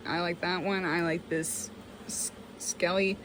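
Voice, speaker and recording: A woman's voice: lowish voice, measured pace, a little hiss or hum. A young woman giving a casual, self-mocking tour of her old sketchbook as a vlogger. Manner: chatty, self-mocking, animated. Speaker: artist and vlogger.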